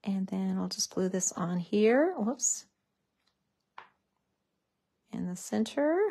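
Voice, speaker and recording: A woman's voice: medium pitch, expressive, slow, creaky, mellow, slightly rough. A woman hosting a craft tutorial, chatting casually and gushing over how cute everything is as she works.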